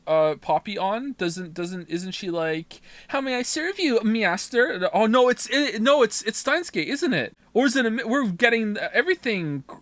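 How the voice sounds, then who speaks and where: A male game streamer chatting to his viewers between play. His voice sits high and jumps around animatedly. He rambles, swears freely and reacts with incredulous disbelief. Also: fairly bright tone, no room sound. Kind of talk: live game stream chat.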